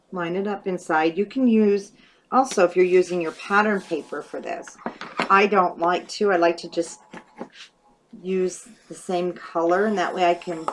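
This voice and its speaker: A woman's voice: fairly low pitch, noisy background. Chatty woman demonstrating a craft project. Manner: chatty, thinks aloud while working. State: hiccups. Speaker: craft tutorial host. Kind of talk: casual step-by-step craft demonstration.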